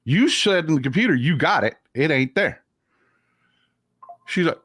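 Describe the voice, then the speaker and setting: A male host chats on his livestream, his fairly high voice leaping up and down as he tells stories. He acts out the people in his stories. The sound is dry and close, with no room around it. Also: normal speed, pauses often, no room sound. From Texas. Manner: animated storyteller, mimics people in raised voices. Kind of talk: casual chat.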